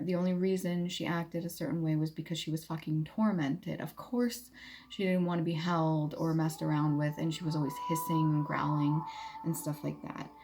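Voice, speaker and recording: A woman's voice: low voice, a little mellow. A young adult woman telling a personal story casually, blunt and candid, swearing freely. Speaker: vlogger. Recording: music playing behind.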